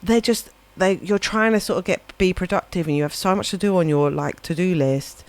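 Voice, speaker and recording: A woman's voice: lowish voice, fairly quick, a little mellow. A woman, a livestreaming musician, chatting casually and reflectively, rambling and swearing now and then. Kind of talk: casual chat on a live stream.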